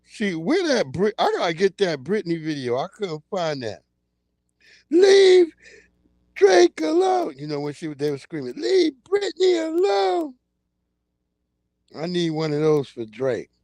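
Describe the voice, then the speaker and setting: A man hosting a livestream, chatting in a casual comedic way, laughing often and acting out loud yelled quotes. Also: on the high side, animated, normal speed, hardly any pauses, no room sound. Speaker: livestream host.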